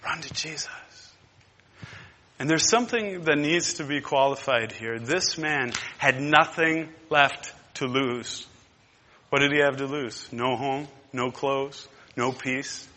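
A man preaching a sermon, impassioned and emphatic. He moves between hushed and loud. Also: medium pitch, slow, in a large hall. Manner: repetitive, emphatic.

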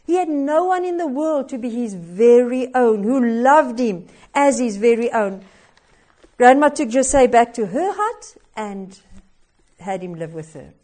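Woman preaching slowly and emphatically. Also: a little high, expressive. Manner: slow and emphatic, with big swings in loudness. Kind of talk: sermon with storytelling.

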